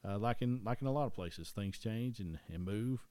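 A man's voice: fairly low pitch, normal speed, dark tone, no room sound. A man from East Tennessee with a Southern accent, co-hosting a casual history chat in a rambling way, often restarting and correcting himself.

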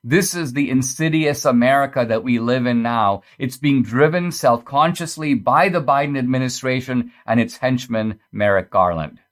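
A man's voice: mid-range voice, normal speed, hardly any pauses. A man hosting a podcast, delivering a political commentary monologue in an emphatic, pointed and sarcastic manner. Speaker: podcast host.

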